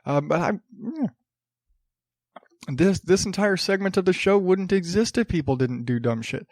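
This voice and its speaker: A man's voice: high voice, animated, moderate pace, darkish tone, no echo, clean studio sound. A man hosting his own podcast, rambling and sarcastic, restarting sentences and chuckling as he mocks the news. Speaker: podcast host. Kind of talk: casual solo podcast monologue. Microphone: studio podcast mic.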